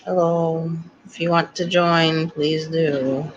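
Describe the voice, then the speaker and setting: Tired male guest, somewhat high voice, casual chat, muffled lo-fi call audio. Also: level tone, slow.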